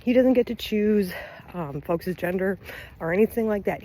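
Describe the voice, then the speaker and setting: A woman's voice: mid-range voice, animated, normal speed, mellow. A woman with a Southern US accent talking straight to camera in a casual rant, laughing often, blunt and profane, with sudden bursts of emphasis. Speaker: LGBTQ resource center director and Army veteran.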